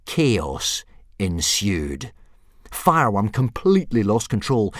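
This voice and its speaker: Guy reading a kids story, really animated, dry close mic. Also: medium pitch, normal speed, no room sound. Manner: lively, animated. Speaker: audiobook narrator. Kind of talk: expressive storybook narration.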